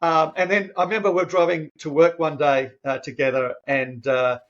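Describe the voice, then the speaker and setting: A man's voice: a little high, normal speed, muffled recording. Earnest man in his fifties. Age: 50s. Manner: earnest, emotional, restarts phrases, animated when quoting himself. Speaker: podcast guest. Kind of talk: personal storytelling in conversation.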